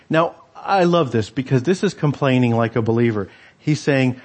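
A man's voice: medium pitch, moderate pace, a little mellow, breathy edge. Man, pastor, sermon, conversational, wry humor, fillers, mid-range voice.

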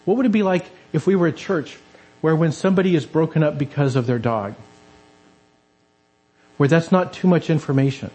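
A man's voice: a little high, normal speed, pauses often, warm tone, low-quality recording. Man preaching a conversational sermon. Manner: conversational, acts out quoted voices.

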